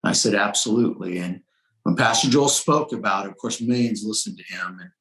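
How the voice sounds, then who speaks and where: A man's voice: fairly low pitch, brisk, a bit bright. A middle-aged man, a pastor, telling a personal testimony in earnest storytelling style in an interview. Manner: earnest storytelling, quoting dialogue, shifting pace. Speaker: pastor, guest. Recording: roomy echo.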